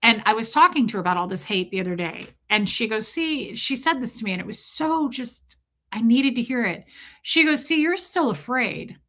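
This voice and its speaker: Woman streamer, frank confessional monologue, slightly high, bright tone. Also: lively intonation, brisk. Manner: confessional, emotional, rambling with restarts. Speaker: livestreamer. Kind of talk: candid personal monologue.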